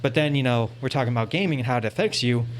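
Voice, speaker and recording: A man's voice: mid-range voice, rapid-fire, slight background noise. A young man at a convention panel, telling an earnest, rambling story into a handheld mic and often saying "you know". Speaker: audience member at a panel. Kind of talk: casual anecdote. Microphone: handheld panel microphone.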